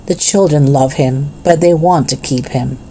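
A woman voicing a calm, kindly grandfather in a storybook read-aloud. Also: sits low, normal speed, slight background noise. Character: grandfather, a kind older man.

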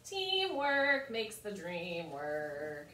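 Lively woman teacher chanting ta ti ti for kids, echoey room, mic kinda far. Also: on the low side, drawn-out words, slight background noise. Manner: cheerful, chanting rhythm syllables. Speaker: elementary music teacher. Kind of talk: online music lesson for children.

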